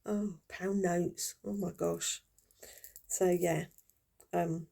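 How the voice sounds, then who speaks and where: Husky, gravelly woman chatting. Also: lowish voice, steady tone, takes it slowly, pauses often, dark tone. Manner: chatty, rambling, reminiscing. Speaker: crafter vlogger. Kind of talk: casual chat while crocheting.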